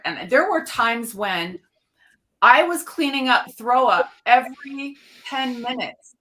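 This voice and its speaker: A woman's voice: fairly high pitch, expressive, normal speed, a bit bright. An older woman speaking bluntly and emphatically in a casual panel discussion. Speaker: podcast co-host.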